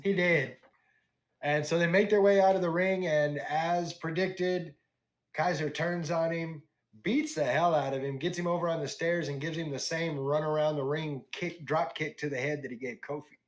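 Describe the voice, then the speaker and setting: Animated man recapping wrestling. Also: a little high, normal speed. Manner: animated storytelling, acts out wrestlers' lines. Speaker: podcast host. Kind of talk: casual wrestling recap chat.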